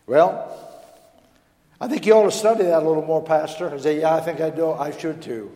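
A male pastor telling a folksy, animated story in a sermon, acting out the dialogue. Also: fairly high pitch, a little fast. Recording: echoey hall with long reverb.

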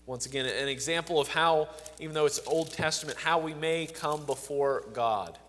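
High-voiced man preaching in a hall. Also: normal speed, fairly bright tone, slight background noise. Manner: reads scripture aloud with rising emphasis, restarts phrases. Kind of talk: sermon.

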